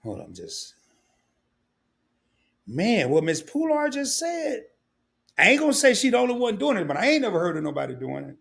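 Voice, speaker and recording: Gravelly-voiced older man hosting a livestream. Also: sits high, huge pitch swings, moderate pace, pauses often, fairly bright tone. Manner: candid, rambling, emotional. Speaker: livestream host. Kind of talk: casual livestream talk.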